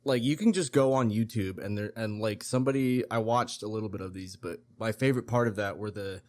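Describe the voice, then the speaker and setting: A man's voice: lowish voice, a little fast, a little mellow. A man chatting casually with friends about TV shows and games, rambling with lots of fillers. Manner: laid-back, rambling with lots of "like". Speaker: podcast co-host. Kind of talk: casual chat.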